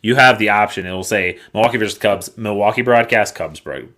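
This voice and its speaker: A man co-hosting a casual podcast, telling animated, profane stories full of mocking impressions. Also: on the low side, a little fast. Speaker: podcast co-host.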